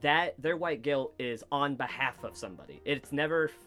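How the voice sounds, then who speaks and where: A man with a mid-range voice hosts a casual comedy podcast from a basement studio, talking at a normal speed over soft background music. He rambles, swears often, and animatedly quotes little exchanges he acts out in this easygoing chat.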